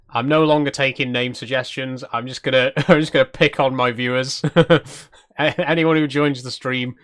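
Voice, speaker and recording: A man's voice: mid-range voice, steady tone, unhurried, a bit bright. A man streaming a cozy game, chatting casually, laughing often and poking fun at himself. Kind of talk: live stream gameplay commentary.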